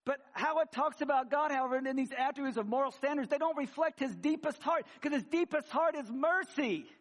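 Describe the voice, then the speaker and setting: Male preacher, high voice, animated sermon delivery, conversational and joking between points. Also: fairly quick. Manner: animated preaching, swinging from loud emphasis to quiet asides; conversational, with frequent restarts and humor. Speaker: pastor. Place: church sanctuary.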